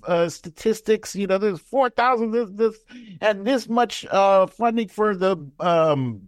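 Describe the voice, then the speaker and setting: A man in casual political chat, animated, acting out quotes with big jumps in pitch. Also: measured pace, dry recording, studio quality.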